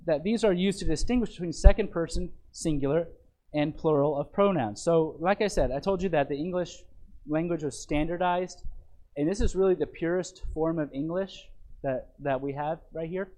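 A man's voice: on the high side, moderate pace, mellow, low-quality recording. A man, a pastor teaching from a sermon outline, often checking in with his listeners and repeating phrases. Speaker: pastor teaching a Bible lesson.

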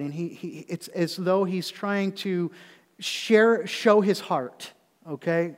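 A man's voice: high voice, fairly even intonation, slow, smooth. Preaching man in a reverberant church. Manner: conversational preaching with rising emphatic peaks. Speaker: pastor. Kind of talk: sermon. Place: church sanctuary.

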